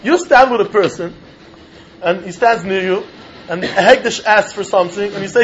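A man giving a Talmud lecture, animated and chuckling as he acts out both sides of an argument. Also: sits high, normal speed, slightly rough. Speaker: Talmud teacher. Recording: dull lo-fi recording.

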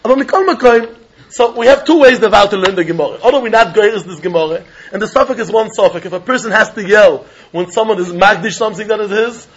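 A man giving a Talmud lecture, animated and chuckling as he acts out both sides of an argument. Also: sits high, fast talker, slight background noise. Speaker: Talmud teacher. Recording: dull lo-fi recording.

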